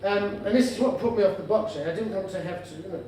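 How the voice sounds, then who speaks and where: A man's voice: high-pitched, fast talker, warm tone. A male stand-up comedian with a formal, florid manner, addressing the audience as sir and madam, recorded live with heavy echo from a distance. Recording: echoey live room from afar, noisy.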